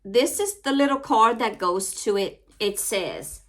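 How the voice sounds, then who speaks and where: A woman's voice: mid-range voice, animated, measured pace, a bit bright. Woman, crafting-channel host, heartfelt and on the edge of tears, casual vlog delivery. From Louisiana. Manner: heartfelt, repeats her thanks, says y'all constantly. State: close to tears.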